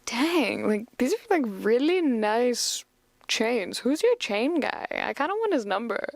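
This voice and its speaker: A woman's voice: on the high side, sing-song, a little slow, vocal fry, exaggerated voice. A woman voicing a goofy, easygoing young man from a cartoon, offhand and jokey. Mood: impressed.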